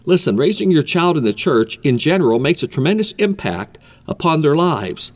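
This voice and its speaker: A man's voice: fairly high pitch, sing-song, normal speed. A man preaching a sermon in an emphatic way, repeating his key points.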